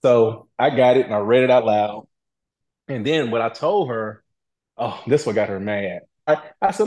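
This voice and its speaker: A middle-aged man appearing as a reality TV guest tells a story in a casual interview, speaking fairly quickly in a mid-range voice and animatedly acting out other people's lines.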